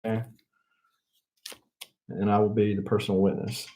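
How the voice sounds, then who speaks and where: Southern-accented man, casual rambling host, lots of chuckles and drawn-out fillers. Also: on the low side, little pitch movement, mellow. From Mississippi. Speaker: comic book channel host. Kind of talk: casual rambling haul chat.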